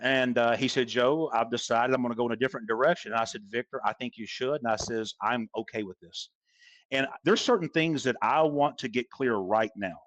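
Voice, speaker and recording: A man's voice: medium pitch, fairly quick, fairly bright tone, no room sound. Emphatic man, blunt and repetitive. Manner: emphatic, repeats points for stress. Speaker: golf instructor, podcast guest. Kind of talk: casual podcast interview.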